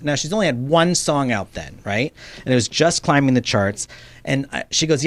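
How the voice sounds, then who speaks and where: A male comedian chatting casually. He tells stories in an animated way, acting out the voices of the people in them, and his pitch sits in the middle range. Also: brisk, dry recording. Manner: animated storyteller, acts out quoted voices. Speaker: comedian guest. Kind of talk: casual chat.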